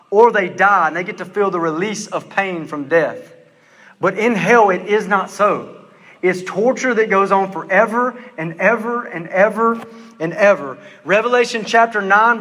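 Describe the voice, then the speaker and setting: Male preacher, high bright voice, intense emphatic sermon delivery, long hall reverb. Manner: intense, emphatic, slows down for stress.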